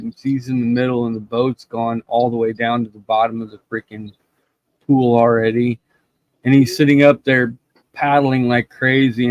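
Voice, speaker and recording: A man's voice: mid-range voice, dry recording, dull audio. A man with an ordinary mid-range voice hosts a loose chat and tells stories with energy, acting out every quote. His mic sounds dry and close. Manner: animated storyteller, acts out quotes. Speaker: host. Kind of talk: casual livestream storytelling.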